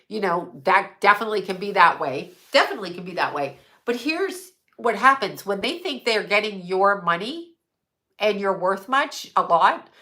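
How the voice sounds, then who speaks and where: A woman's voice: medium pitch, bright, forceful tone. A middle-aged woman hosting a casual livestream from home, rambling from thought to thought, swearing freely and laughing often. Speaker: livestream host.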